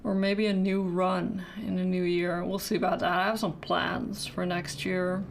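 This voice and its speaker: A woman's voice: lowish voice, little pitch movement, unhurried, gravelly, slight background noise. A woman chatting casually during a live painting stream, thinking aloud and answering questions from the chat.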